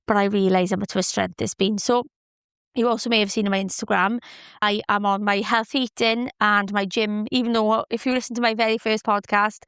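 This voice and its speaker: A woman's voice: mid-range voice, fairly bright tone, clean tone, dry recording, studio quality. A chirpy woman, chatting casually as a solo podcast host and laughing often.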